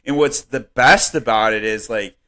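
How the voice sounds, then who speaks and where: A man co-hosting a comedy podcast, rambling and swearing in casual chat, laughing often and jumping up in pitch when worked up. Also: normal speed. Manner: animated, voice jumps up when worked up. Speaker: podcast co-host.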